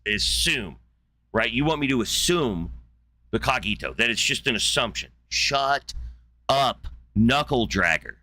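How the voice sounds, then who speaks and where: Guy hosting a debate stream, sharp forceful voice, combative and swearing a lot. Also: medium pitch, lively intonation, unhurried, no room sound. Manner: combative, insulting and profane. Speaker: debate show host. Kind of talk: heated live call-in debate.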